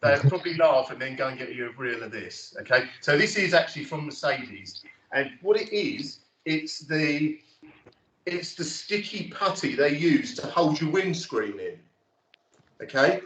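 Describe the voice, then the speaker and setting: Give me a chatty photography lecturer, recorded from across an echoey studio. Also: male voice, a little high, animated, measured pace, fairly bright tone. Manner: chatty and rambling, many fillers. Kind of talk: casual studio demonstration to students. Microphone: phone camera from across the room. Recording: roomy, distant, dull audio with faint noise.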